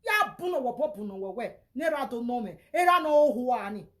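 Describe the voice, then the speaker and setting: A Nigerian woman with a high, lively voice that swoops all over as she scolds and insults someone. She repeats herself and keeps up a heated social media rant. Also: a little fast. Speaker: vlogger.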